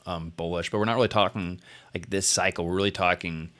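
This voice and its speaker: A man's voice: sits low, steady tone, fairly quick, fairly bright tone. A man co-hosting a casual discussion, rambling and restarting his sentences often. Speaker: podcast co-host.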